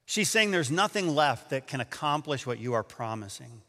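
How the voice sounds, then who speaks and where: A man preaching a sermon, telling a story with animated acted-out quotes and laughing at himself. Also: medium pitch, moderate pace, hardly any pauses. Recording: echoey hall.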